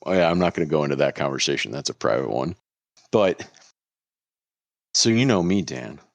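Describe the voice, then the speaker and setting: A lawyer recounts a story in a deep, low voice, acting out what each person said. The sound is dry and close, with no room around it. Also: male voice, normal speed, vocal fry, no echo. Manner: animated, acts out quoted lines. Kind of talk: casual podcast storytelling.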